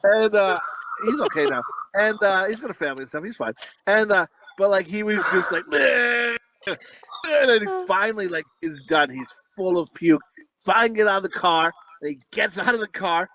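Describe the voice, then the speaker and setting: A man's voice: high voice, a little fast, background noise. A man co-hosting a podcast, telling crude stories in a casual, laughing way and acting out the voices. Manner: crude, laughing storyteller who acts out voices. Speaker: podcast co-host. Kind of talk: casual comedic chat.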